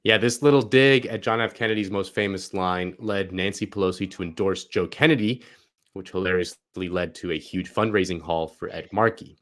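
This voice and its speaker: Low-voiced man in sardonic political commentary. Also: a bit bright. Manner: wry, sarcastic, quick asides. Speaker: host.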